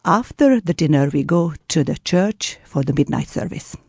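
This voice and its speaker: A man with a Hungarian accent, a native Hungarian speaker, explaining customs earnestly as a tour guide. His voice sits somewhat high. The recording is dry and close. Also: lively intonation, moderate pace, gravelly, a little mellow, slightly rough, no echo. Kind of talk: radio interview.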